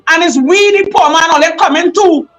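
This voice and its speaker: High-voiced impassioned Trinidadian woman. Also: moderate pace, a bit bright, soft background music, poor audio. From Trinidad and Tobago. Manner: emotional and fired up, often raising her voice. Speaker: livestream host. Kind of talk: impassioned live commentary.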